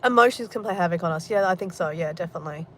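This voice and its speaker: A woman's voice: lowish voice, rapid-fire, a bit bright, a little hiss or hum. A woman vlogging in casual talk, candid and emotional, and swearing freely.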